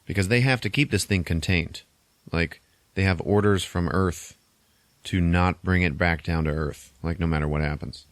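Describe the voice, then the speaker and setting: A man casually recapping a film's plot on a podcast, loose and wry, swearing and tossing in quick mock voices for the characters. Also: low-pitched, no room sound. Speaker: podcast host recapping a film. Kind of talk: casual chat.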